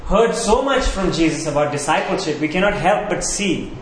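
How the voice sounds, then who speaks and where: A man preaching a sermon as pastor, emphatic, repeating key phrases and slowing down on them. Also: fairly high pitch, expressive, slight background noise. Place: church sanctuary. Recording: very echoey hall, faint ambience.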